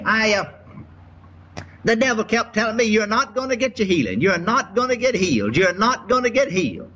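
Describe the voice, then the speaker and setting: An older man preaching a folksy storytelling sermon, acting out his own laughter. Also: slight background noise. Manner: folksy storytelling, lively pitch, acts out laughing.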